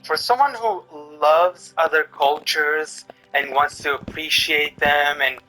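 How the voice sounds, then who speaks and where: Bright high-voiced sarcastic man. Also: takes it slowly, rough recording. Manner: sarcastic, mocking. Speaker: reaction video host. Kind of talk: reaction commentary.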